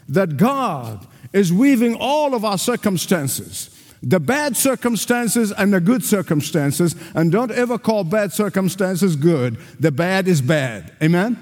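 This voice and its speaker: Older male pastor, high and animated, emphatic call-and-response sermon, reverberant sanctuary. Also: unhurried. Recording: reverberant hall.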